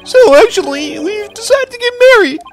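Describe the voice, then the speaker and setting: A shrill, flaky, overexcited guy. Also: lively intonation, normal speed, faint music behind. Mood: boastful. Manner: yelling, whiny, over the top. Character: excitable flaky adult man, loud and dramatic. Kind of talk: fan voice-over of a video game.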